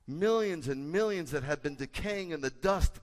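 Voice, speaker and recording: A man preaching a sermon whose voice swings widely, rising to emphatic bursts and dropping to low, confiding asides. His pitch sits a little high for a man. The sound carries the long reverb of a hall. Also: expressive, moderate pace. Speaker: rabbi. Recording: echoey hall with a long tail.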